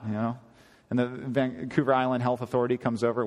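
A man preaching a conversational sermon, often climbing higher in pitch for emphasis. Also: fast. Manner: conversational, animated, rising to high emphasis. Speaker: pastor. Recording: long hall reverb.

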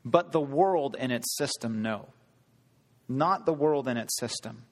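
A man preaching a sermon, earnest, asking the congregation rhetorical questions and slowing down for emphasis. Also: medium pitch, long reverb tail. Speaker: pastor.

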